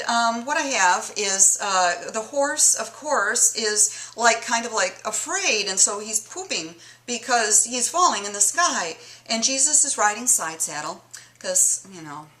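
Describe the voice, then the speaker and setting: A woman's voice: medium pitch, pushed and bright, low-quality recording. A woman chatting casually while showing her drawings, rambling and hesitant with many ums and self-corrections, in a playfully mocking tone. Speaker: vlogger.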